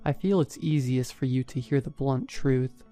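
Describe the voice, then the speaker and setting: A man voicing a surly, ragged older French junkie in a horror story, with a French accent and a hushed, blunt way of talking. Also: medium pitch, moderate pace, soft background music, natural voice. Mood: blunt, ominous. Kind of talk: scripted narration.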